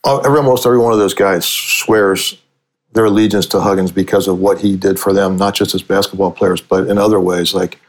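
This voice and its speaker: A middle-aged man, a sportswriter and author, telling long anecdotes in a relaxed conversational way, restarting his sentences often. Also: low-pitched, a little fast, low-quality recording. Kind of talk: conversational storytelling.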